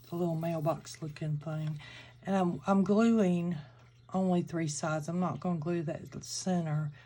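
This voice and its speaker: She sits low in pitch and sounds mellow, with a little hiss or hum in the background. The speaker is a Southern-accented crafting channel host from Georgia, casually talking herself through a tutorial as she works.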